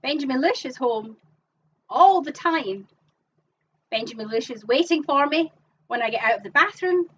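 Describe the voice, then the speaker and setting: A woman's voice: high-pitched, lively intonation, normal speed, long pauses, husky. A woman calling numbers as host of a live online bingo game, with chatty asides between calls. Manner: upbeat announcing, chatty asides. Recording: muffled, distant mic.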